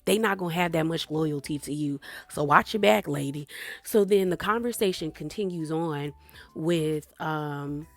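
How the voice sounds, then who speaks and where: A woman's voice: sits low, normal speed, no room sound. A woman recapping a reality TV episode in a chatty, gossipy way, laughing often and acting out what the cast said. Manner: chatty, gossipy, laughs often, retells scenes in character voices. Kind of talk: casual episode recap commentary.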